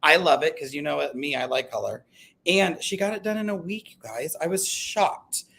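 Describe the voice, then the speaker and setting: A man hosting a casual live stream chat, talking in an excitable, rambling way and often breaking off mid-sentence. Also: on the high side, moderate pace, gravelly. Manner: chatty, excitable, self-interrupting. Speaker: livestream host.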